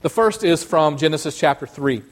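Guy preaching, lively, acts out voices, a bit higher pitch. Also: normal speed. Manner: animated, acts out voices of biblical figures. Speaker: pastor. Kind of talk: sermon.

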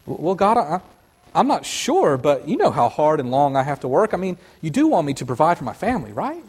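A man's voice: on the high side, very animated, a little fast, a little mellow, slightly rough. A man putting on the voice of a sheepish man stammering out excuses. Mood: defensive. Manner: whiny, stammering. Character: sheepish excuse-making man dodging blame.

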